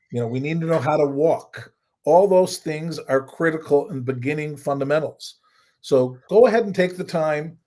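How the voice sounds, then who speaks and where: A man's voice: on the high side, a little mellow. An older man, a judo coach and co-host, giving casual coaching talk in a folksy way, repeating points for emphasis.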